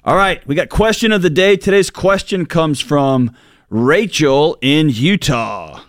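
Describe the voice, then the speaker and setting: A man's voice: fairly high pitch, animated, unhurried, no room sound, clean studio sound. A man co-hosting a money advice show, talking earnestly and colloquially with listeners. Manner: earnest, colloquial, uses y'all. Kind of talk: casual radio advice talk.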